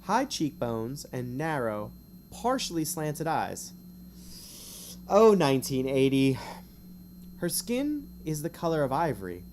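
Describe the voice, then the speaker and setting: A man's voice: on the high side, huge pitch swings, darkish tone, slight background noise. Chatty man reading a gamebook on stream. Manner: chatty, rambling asides, quick to laugh at himself. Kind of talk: casual stream narration with asides.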